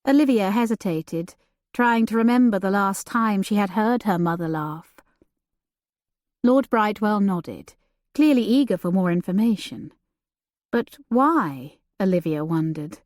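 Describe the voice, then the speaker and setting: A woman narrating a historical romance audiobook in a calm, measured way. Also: mid-range voice, no echo, studio quality. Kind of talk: scripted narration.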